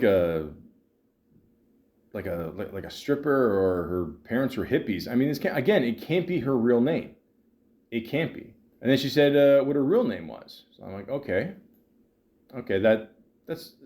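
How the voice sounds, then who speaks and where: A man hosting a podcast, telling his story in a rambling, halting way with many fillers and restarts, and dropping wry, sardonic asides. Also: lowish voice, darkish tone. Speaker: podcast host. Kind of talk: casual monologue.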